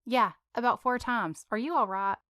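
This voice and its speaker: A woman voicing an excitable, caring young woman friend who talks emphatically, in a storybook reading. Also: on the high side, normal speed, no echo, studio quality, voice pushed up, natural voice.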